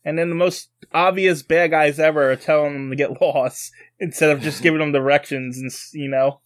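A man's voice: on the high side, steady tone. A man co-hosting a podcast, recapping a story in casual chat and often trailing off and restarting. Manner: recaps the plot haltingly with restarts. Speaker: podcast co-host.

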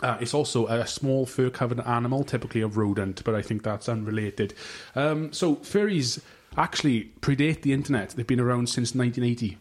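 A man's voice: mid-range voice, brisk, few pauses. A man hosting a casual podcast chat, reading notes aloud in a rambling, sweary way and tripping over long words. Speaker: podcast host.

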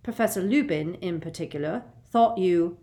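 A woman voicing a stern older female professor in an audiobook, speaking crisply, curtly and a little haughtily. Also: on the low side, normal speed, warm tone, lightly acted. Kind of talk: audiobook character voice.

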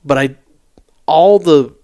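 A man's voice: a little high, takes it slowly. A man co-hosting a hunting talk show, speaking casually with frequent stammered restarts. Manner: stammering restarts, relaxed and agreeable. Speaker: hunting podcast co-host. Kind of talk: casual chat.

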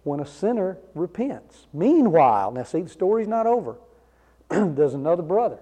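A man's voice: sits high, big pitch swings, moderate pace, warm tone, husky. A man preaching a sermon, explaining a passage with rhetorical questions and casual asides. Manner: conversational asides. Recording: long reverb of a large hall.

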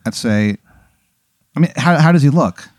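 Stammery guy, low mellow voice, dry close sound. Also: lively intonation, normal speed, dry recording. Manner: stammering, incredulous. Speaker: podcast co-host. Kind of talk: casual chat.

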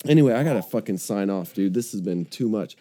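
A man hosting a podcast in casual chat, excitable and swearing often as he tells stories. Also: on the low side, fast talker, dry recording. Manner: profane, excitable, animated storyteller. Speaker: podcast host.

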